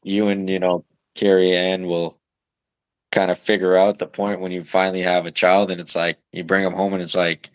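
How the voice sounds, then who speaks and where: Young dude on a podcast, low voice, super casual, curses a bit, dry close sound. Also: male voice, little pitch movement, normal speed, smooth, no room sound. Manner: loose, profane storytelling with lots of "like" and "man". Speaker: podcast co-host, new father of twins. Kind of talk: casual chat.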